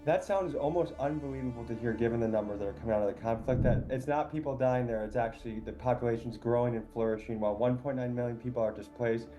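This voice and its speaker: A man's voice: medium pitch, fast, hardly any pauses, mellow, dull audio, soft background music. A man interviewing someone who responds in a skeptical, incredulous way.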